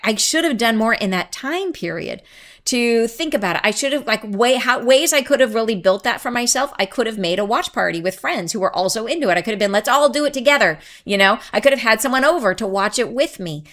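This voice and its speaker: A woman hosting a spiritual podcast, chatty and excitable, who laughs often and drifts into tangents. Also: on the high side, brisk. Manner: chatty, rambling, goes off on tangents. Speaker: podcast host and channeler. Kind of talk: casual spiritual talk to listeners.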